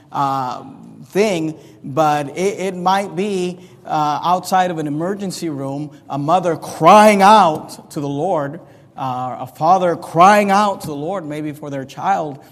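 A large hall's long reverb carries the sermon of a male pastor whose voice sits a bit above typical male pitch. He teaches earnestly and plainly, frequently beginning phrases again.

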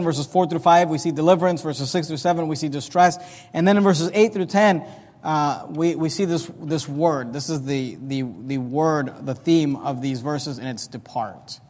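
A male pastor preaching a sermon, reading scripture slowly and swinging from quiet asides to loud, fervent passages. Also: fairly high pitch, in a large hall. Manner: reads scripture slowly in King James wording.

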